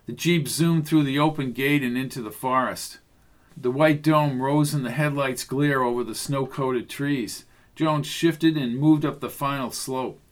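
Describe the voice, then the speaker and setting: A man narrating a mystery audiobook in a steady, even voice. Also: medium pitch. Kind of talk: scripted narration.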